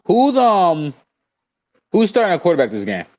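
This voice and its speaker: A man's voice: high-pitched, huge pitch swings, normal speed, a little mellow. A man co-hosting a podcast, chatting casually about football and thinking aloud with lots of fillers. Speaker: podcast co-host. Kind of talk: casual sports chat. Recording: dull lo-fi audio.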